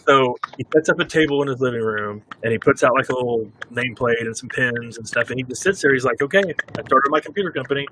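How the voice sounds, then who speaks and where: Bright-voiced male talk show host. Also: medium pitch, fast, few pauses, a little hiss or hum, rough recording. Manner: relaxed, storytelling, chuckles often. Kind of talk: casual chat on a live show.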